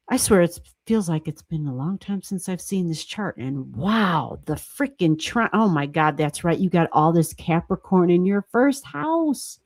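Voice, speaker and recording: A woman hosting a livestream, chatting casually as she reads charts, excitable and laughing often, with casual swearing. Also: fairly low pitch, no echo. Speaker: astrology livestream host.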